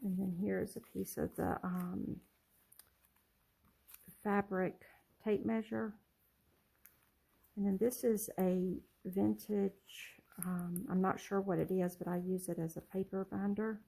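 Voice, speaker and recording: A middle-aged woman casually showing her handmade journals in a vlog, soft-spoken and rambling, with lots of ums and self-corrections. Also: medium pitch, steady tone, slow, gravelly, pauses often, husky, low-quality recording. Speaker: junk journal crafter showing her work. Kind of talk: casual show-and-tell vlog.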